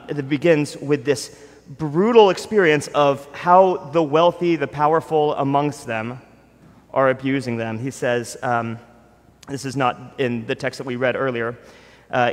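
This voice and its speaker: A male pastor delivering a sermon in a relaxed, conversational way, with casual asides and the odd filler. His voice sits a little high for a man and carries a long, ringing reverb from the church hall around him. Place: church sanctuary.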